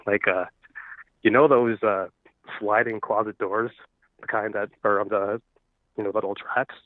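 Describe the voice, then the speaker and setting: A man phones in to share an eerie experience at home, stumbling over his words with plenty of fillers. His voice sits low and comes through a thin, phone-like line. The sound is dry, with no room around it. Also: fairly even intonation, dry recording. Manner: halting, nervous storytelling with many fillers. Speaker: caller. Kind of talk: phone-in ghost story.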